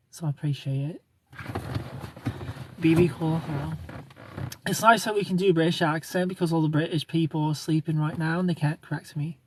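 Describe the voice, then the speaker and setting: A man's voice: on the high side, fairly even intonation, moderate pace, a little mellow, husky, dry recording. A tired man chatting casually on a live stream, rambling, joking and greeting viewers by name.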